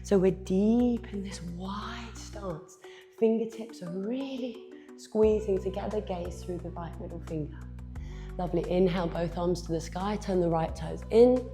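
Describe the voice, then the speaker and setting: A woman's voice: mid-range voice, measured pace, faint music behind. Encouraging woman guiding a yoga flow. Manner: calm coaching cues, encouraging, drops to a whisper at times. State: a bit out of breath while demonstrating. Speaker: yoga instructor. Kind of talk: guided yoga class instruction.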